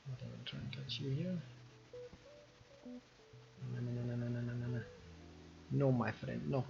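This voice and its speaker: A man's voice: mid-range voice, flat delivery, normal speed, creaky. A man talking casually to himself while he paints on stream, muttering and repeating words. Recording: dull lo-fi audio with music behind.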